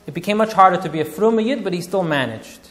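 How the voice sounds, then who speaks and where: A male rabbi recounts a story with drama and feeling, mixing in Yiddish and Hebrew terms. His speaking voice sits somewhat high for a man. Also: lively intonation, quick pace, fairly bright tone. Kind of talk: storytelling talk.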